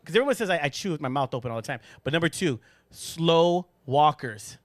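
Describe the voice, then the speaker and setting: Animated joking man hosting a podcast. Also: on the high side, brisk, dry recording. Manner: animated, joking, laughs often. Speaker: podcast host. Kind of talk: casual podcast chat.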